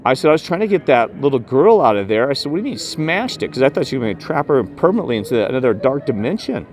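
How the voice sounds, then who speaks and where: A man vlogging a rambling personal story about spirits, emphatic and jumping up in pitch when he quotes himself. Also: sing-song, fast, a little mellow. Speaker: paranormal vlogger.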